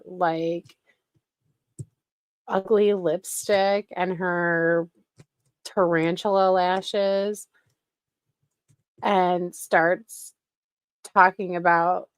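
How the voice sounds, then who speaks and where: A woman's voice: fairly low pitch, fairly bright tone, clear, resonant tone, no echo. A woman hosting casual commentary in a sarcastic, gossipy way. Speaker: commentary channel host.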